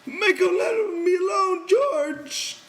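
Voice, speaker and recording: A man voicing a huge, frightened, childlike farmhand, crying out in a high, wailing, pleading voice. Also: slow pace, a bit bright, full character voice. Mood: terrified pleading.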